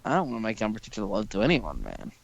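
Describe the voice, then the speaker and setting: Gravelly young man rambling on a podcast. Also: fairly low pitch, huge pitch swings, fast, dull audio. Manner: rambling, profane, restarts often. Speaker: podcast host. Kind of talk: casual podcast chat.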